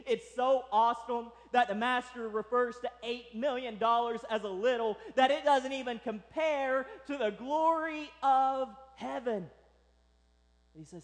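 A male pastor preaching a sermon, telling the story in a lively way and acting out its characters. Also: high-pitched, in a large hall.

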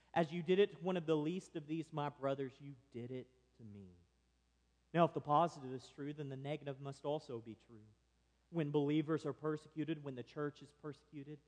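A man preaching a sermon, shifting between loud emphatic lines and quiet, hushed ones. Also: a little high, long reverb tail. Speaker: pastor.

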